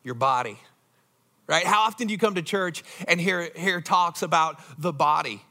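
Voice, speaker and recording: A pastor delivering a sermon to his church congregation. He preaches in a conversational way and keeps asking the people questions. His voice sits high, and it sounds bright and forceful. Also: moderate pace.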